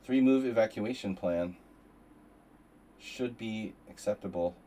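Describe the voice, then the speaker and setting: A man's voice: on the low side, slow pace, warm tone, rough recording. Man muttering through chess lines. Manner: muttering through move calculations, wry asides. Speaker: chess streamer. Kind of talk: live chess commentary with chat.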